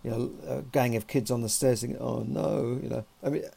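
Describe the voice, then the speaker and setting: A man's voice: mid-range voice, fairly even intonation, quick pace, creaky, warm tone, breathy edge. A man, talking in a rambling, conversational monologue full of "you know" and restarts. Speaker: podcast host. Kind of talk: casual monologue.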